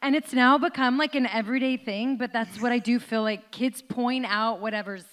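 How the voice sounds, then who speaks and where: A woman's voice: a little high, normal speed, fairly bright tone. A woman in her late thirties co-hosting a live show, trading teasing banter with her sister. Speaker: co-host. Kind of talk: live-show casual chat.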